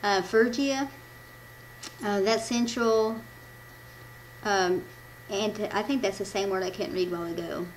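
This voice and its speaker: Her pitch is medium and her tone steady as she moves at a measured pace through a casual church devotion. A Midwestern woman, she reads from her notes, rambles, stumbles, and laughs as she corrects herself. The poor audio has a little hiss or hum.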